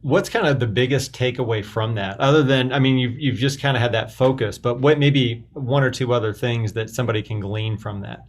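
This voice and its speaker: A man's voice: mid-range voice, a little fast, few pauses. Friendly male interview host. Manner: friendly, laughs easily, brief reactions. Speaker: podcast host. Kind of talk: interview questions.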